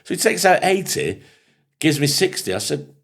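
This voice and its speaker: A man from England, a comedian co-hosting a casual chat, telling lively anecdotes, acting out the voices of people in them and swearing freely. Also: on the high side, normal speed, vocal fry. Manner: animated storyteller, acts out quoted voices, swears freely. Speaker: podcast co-host and comedian.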